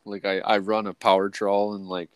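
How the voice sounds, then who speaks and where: Man, young adult, lowish voice, dry close sound, rambling casual storytelling, heavy swearing, filler words. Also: flat delivery, normal speed, clear, resonant tone, no room sound. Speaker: podcast co-host. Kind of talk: casual chat.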